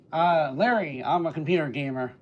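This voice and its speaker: A man's voice: fairly high pitch, lively intonation, a little slow, muffled recording. A man hosting a live stream, casually greeting viewers by name and answering their questions. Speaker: livestreamer and entertainer. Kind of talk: casual livestream chat answering viewer comments.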